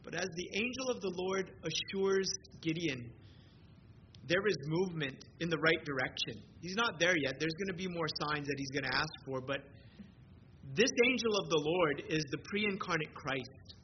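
A man's voice: on the high side, normal speed. A man preaching a sermon in an earnest, conversational way, often repeating words as he talks. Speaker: pastor. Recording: dull lo-fi recording with steady background noise.

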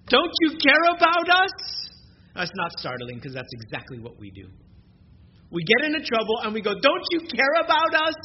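Pastor, man, earnest sermon delivery, slightly high voice, dull noisy recording. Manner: earnest preaching, swings between soft and emphatic.

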